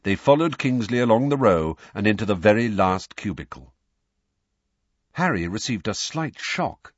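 A man narrating an audiobook with expressive, lively storytelling. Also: lowish voice, moderate pace, dry recording. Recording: dull, dry lo-fi recording.

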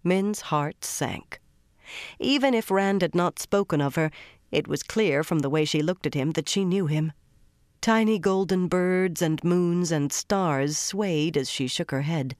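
An audiobook narrator reading fantasy prose in a steady, even storytelling voice. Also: mid-range voice, a little slow, no room sound, studio quality.

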